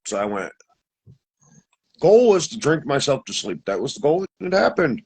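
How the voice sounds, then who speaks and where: A man's voice: medium pitch, sing-song, moderate pace, a little mellow, husky, poor audio. A man from Montana casually telling a long personal story, rambling, with many asides and self-corrections. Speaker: guest telling an encounter story.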